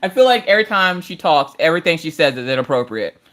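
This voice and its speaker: A woman's voice: low voice, expressive, fast talker, fairly bright tone. A woman hosting a casual crafting livestream, chatting and telling stories with frequent laughter. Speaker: livestream host.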